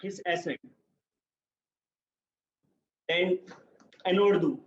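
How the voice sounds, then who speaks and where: Slow, halting young Pakistani man. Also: sits high, lively intonation. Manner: halting, repeats many words while searching. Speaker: club speaker. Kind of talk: prepared speech at a speaking club. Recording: echoey, muffled room recording.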